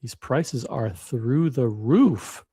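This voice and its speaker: Speaking extremely slowly, this man has a mid-range, husky voice with a dark tone and plenty of expression. He hosts a watch channel, sharing his screen casually and musing wryly over the listings he reads out while browsing.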